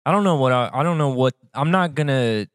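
Chill young dude on a podcast, smooth clean voice, dry mic, short easygoing replies. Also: male voice, mid-range voice, animated, fairly quick, no room sound. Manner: laid-back, short replies, swears casually. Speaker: podcast co-host. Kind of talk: casual chat.

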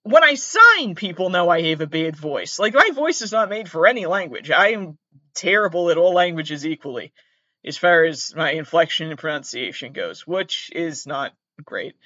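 A young man rambles through his podcast monologue, joking at his own expense. His pitch bounces around constantly and sits a bit high for a man. The recording is dry and muffled, like a laptop mic in a small space. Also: sing-song, normal speed, pushed and bright, no echo. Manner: self-mocking, jokey, rambling. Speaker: podcast host.

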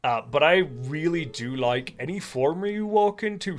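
A man chatting casually as a podcast co-host and game master, relaxed and rambling with lots of filler words. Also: fairly high pitch, a little slow, hardly any pauses. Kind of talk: casual chat.

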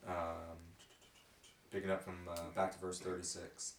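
A man's voice: low voice, monotone, unhurried, a little hiss or hum. Laid-back man leading a Bible study. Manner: reads scripture aloud, then chats loosely with fillers. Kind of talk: casual group Bible reading and discussion. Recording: roomy sound from a distance.

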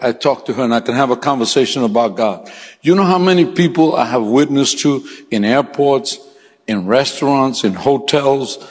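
A male pastor preaching a sermon, telling funny personal stories in a casual way, laughing often and climbing to loud, high-pitched peaks. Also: in a large hall, poor audio. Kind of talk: sermon with humorous storytelling. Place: church sanctuary.

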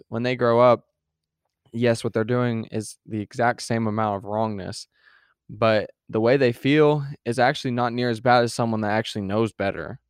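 A man co-hosting a podcast has a medium-pitched, clear, resonant voice, recorded dry with clean studio sound. Discussing faith casually, he rambles, restarts sentences often, uses fillers and acts out little quoted scenes.

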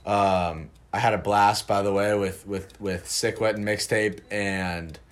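A man's voice: fairly low pitch, fairly even intonation, unhurried. A young man co-hosting a podcast, telling a rambling, profane anecdote in casual chat with lots of restarts. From Northern California. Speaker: podcast co-host.

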